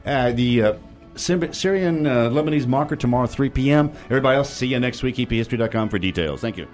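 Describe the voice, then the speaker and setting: A man hosting a casual radio talk show, hurried and stumbling over restarts. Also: medium pitch, darkish tone, faint music behind.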